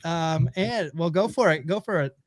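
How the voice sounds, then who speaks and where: A man's voice: a little high, moderate pace, no room sound, clean studio sound. A man hosting a casual podcast, breezily wrapping up and cracking jokes. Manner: breezy, wisecracking. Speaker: podcast host.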